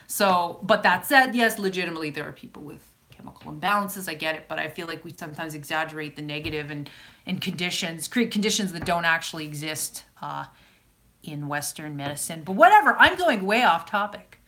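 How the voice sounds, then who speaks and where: A woman with a Canadian accent from Calgary, chatting loosely with her viewers. Her voice sits a little low but sounds bright and forceful. She rambles, breaks off, and restarts her sentences as she answers comments. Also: fairly quick. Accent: Canadian, Calgary Alberta. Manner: rambling, self-interrupting, chatty. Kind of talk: casual live chat.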